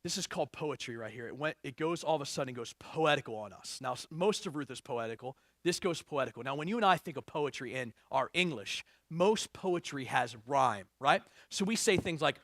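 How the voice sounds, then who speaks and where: A male pastor preaching a sermon, lively and joking, reading scripture aloud with rising emphasis. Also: medium pitch, fairly quick, few pauses, dry recording, studio quality.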